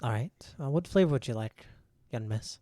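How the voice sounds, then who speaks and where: A man's voice: medium pitch, lively intonation, moderate pace, dark tone, no room sound, studio quality, natural voice. A man voicing a courteous young female bakery waitress taking orders in a tabletop game. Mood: polite. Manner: courteous, customer-service politeness.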